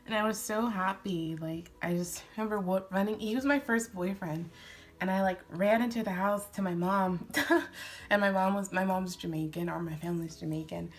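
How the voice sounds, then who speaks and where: A woman's voice: mid-range voice, moderate pace. A young woman vlogging as she does her makeup, telling a sweet love story in a casual, emotional way, teary and slipping into whispers now and then. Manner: emotional, tearful, breaking into whispers and laughs. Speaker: beauty vlogger. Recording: faint background music.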